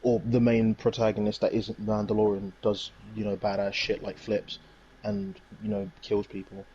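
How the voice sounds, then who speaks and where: A man's voice: lowish voice, level tone, normal speed, dark tone, husky, lo-fi sound. A young man, casually recapping a TV episode in a rambling, slangy way. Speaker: reviewer. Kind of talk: casual chat.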